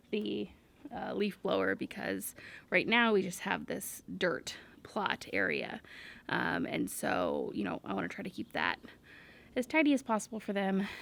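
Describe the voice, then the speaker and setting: A young woman rambles casually through an outdoor farm vlog, full of ums and asides. Her voice has a gravelly, fry-touched edge. Faint outdoor noise sits under the recording. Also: medium pitch, fairly bright tone. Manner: chatty, rambling with fillers. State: out of breath. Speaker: homesteader vlogger.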